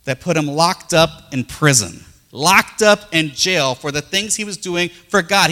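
A middle-aged male pastor preaching a folksy, animated sermon full of personal stories. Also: on the high side, a little slow, hardly any pauses, big-room sound.

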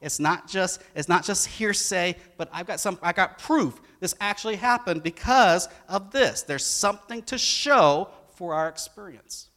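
A middle-aged pastor preaches a sermon in a high voice, a little slow but with hardly any pauses. He tells stories animatedly, acting out what the people in them say with rising emphasis.

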